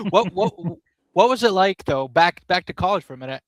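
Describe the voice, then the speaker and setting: A male podcast host asks his guest questions in a casual, slightly halting way. His voice sits a little high, recorded dry and close. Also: very animated, dry recording. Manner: casual, stammers before questions. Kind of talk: interview questions.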